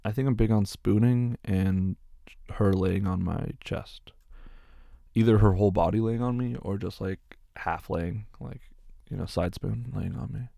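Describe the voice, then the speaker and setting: A man's voice: lowish voice, a little slow, gravelly, dark tone, no room sound, clean studio sound. A man in his twenties casually answering viewer questions, rambling, repeating words and swearing freely. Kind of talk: casual Q&A chat.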